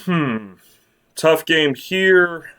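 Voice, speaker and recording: A man's voice: a little high, animated, drawn-out words, a bit bright, clean tone. A man talks through his bracket picks in a loose, off-the-cuff way. He is blunt and sarcastic and often rants, stumbling over his words and starting sentences again. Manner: blunt, sarcastic, ranting with many restarts. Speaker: sports commentator. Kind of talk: casual bracket predictions rant.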